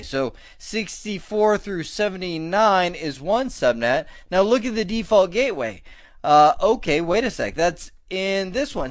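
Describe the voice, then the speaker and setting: A man's voice: on the high side, no echo. A man teaching networking in a casual, upbeat way, thinking aloud with fillers and small laughs. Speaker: networking instructor. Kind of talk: casual screen-recorded tech lesson.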